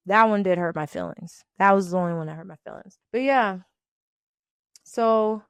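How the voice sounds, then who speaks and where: A woman in her thirties hosting a podcast, telling a work story in a loud, animated way and acting out the other people in it. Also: mid-range voice, smooth, no echo, clean studio sound. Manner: loud, animated, acts out quoted voices. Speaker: podcast host. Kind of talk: casual storytelling rant.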